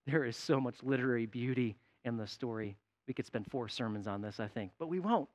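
A man preaching a sermon, animated, rising to a shout at points. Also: mid-range voice, fairly quick. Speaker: pastor.

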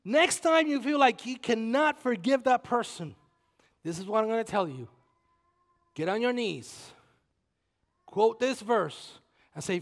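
A male pastor preaching a sermon, swinging from loud exclamations to hushed asides. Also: very high-pitched, animated, a little slow, long pauses. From Spanish-speaking background. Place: church sanctuary. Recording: long reverb of a large hall.

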